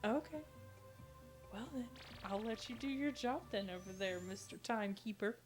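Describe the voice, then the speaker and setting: A woman's voice: on the high side, normal speed, music in the background. A woman co-hosting a let's play, teasing her partner, laughing often and swearing casually. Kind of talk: casual gaming chat.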